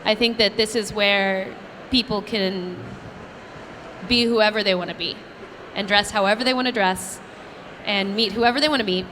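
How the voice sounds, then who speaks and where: A woman voice actress telling stories at a convention Q&A, chatty and animated, laughing often. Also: mid-range voice, slight background noise. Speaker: voice actress guest. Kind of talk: convention Q&A storytelling. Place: convention panel room.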